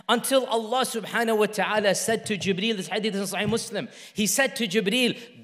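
A man preaching a sermon with passion, repeating phrases and swinging between loud emphasis and hushed lines. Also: high-pitched, moderate pace, hardly any pauses.

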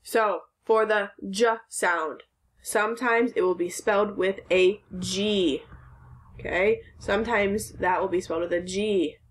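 A woman's voice: medium pitch, fairly even intonation, a little slow. A woman teaching a recorded phonics lesson to children, patiently sounding out letters and words.

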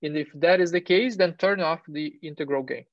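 This university lecturer talks briskly in a fairly high voice about engineering, with fillers, self-corrections and the odd "right?". His recording is dry, close and echo-free, with the muffled lo-fi tone of a classroom.

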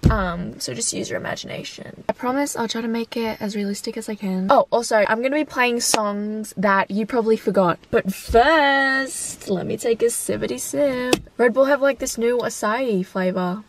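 Young aussie woman in her car, chatty and giggly, voice sits a bit high. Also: normal speed, gravelly, distant mic, a little hiss or hum. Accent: Australian. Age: young adult. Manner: giggly, chatty, self-mocking. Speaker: vlogger. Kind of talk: casual chat while driving. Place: inside a parked car.

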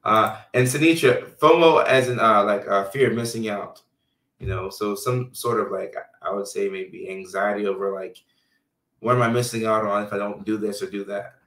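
A man hosting a casual live stream as a health care provider, reading viewer comments out loud in a loose, chatty way full of fillers. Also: lowish voice, steady tone, normal speed. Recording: roomy sound from a distant mic.

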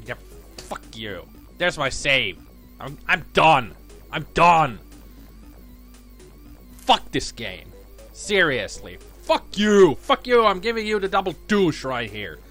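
Gravelly, fed-up gamer man. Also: fairly high pitch, very animated, takes it slowly, pauses often, faint music behind. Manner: grumbling and mumbling, bursting into shouted curses. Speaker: let's play gamer. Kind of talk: frustrated gameplay commentary.

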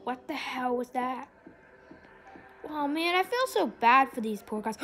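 High, lively young female gamer. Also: slow pace. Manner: excitable, shrieks and exclaims often. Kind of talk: gameplay commentary.

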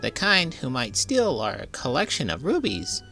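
A man voicing frightened little mole sisters in a squeaky, anxious storybook voice. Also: huge pitch swings, a little slow, gravelly, pushed and bright, soft background music, full character voice.

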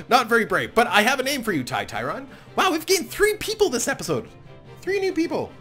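A man's voice: very high voice, wildly swooping pitch, brisk, sharp tone, soft background music. A man hosting a let's-play, chatty and self-mocking, often apologizing and laughing as he plays. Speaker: gaming channel host. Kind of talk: casual let's-play commentary.

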